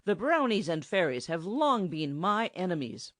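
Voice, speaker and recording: A woman reading the part of a wicked male enchanter who speaks coldly and gruffly, with sneering contempt. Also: lowish voice, very animated, normal speed, fairly bright tone, no room sound, clean studio sound.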